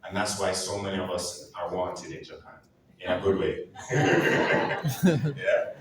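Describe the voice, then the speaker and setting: A man from Jamaica with a Jamaican accent, telling playful, emphatic stories in a lively speech to a live audience. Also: sits low, normal speed. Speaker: guest speaker at an anniversary event. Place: large event hall. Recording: echoey hall, far from the mic. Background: piano playing.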